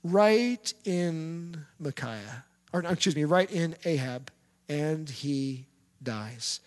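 High-voiced male preacher in a hall. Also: slow. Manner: storytelling, lively retelling with quoted characters. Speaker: pastor. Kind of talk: sermon.

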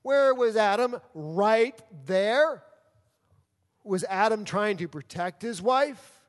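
Slow and animated, this pastor from New York City has a voice that sits high. His sermon echoes with a large hall's long reverb as he rattles off rhetorical questions and mimics the excuses people make.

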